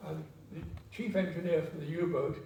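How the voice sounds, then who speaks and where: A man's voice: fairly high pitch, steady tone, moderate pace, warm tone. A man in his nineties giving a public talk in a theatre hall and telling anecdotes with quoted dialogue. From England. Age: 90s. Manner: chatty storytelling with quoted dialogue. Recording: echoey hall, distant mic, noisy.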